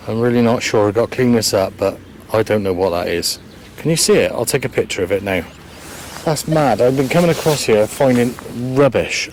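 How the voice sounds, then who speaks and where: A man of medium pitch chats casually to the camera while out in an open field, thinking aloud with plenty of ums and half-finished sentences. His delivery is hesitant and easygoing. Faint outdoor ambience sits behind him. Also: darkish tone, a little hiss or hum. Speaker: metal detecting vlogger.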